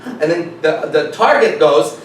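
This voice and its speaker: A man with a fairly high voice tells a story with emphasis, acting out what each person said. He is recorded from a distance in a strongly echoing room, with a faint hiss underneath. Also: animated, unhurried. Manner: acts out dialogue, emphatic, repeats "I said". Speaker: dating coach speaker. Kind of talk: animated storytelling talk. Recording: echoey room, speaker away from the mic.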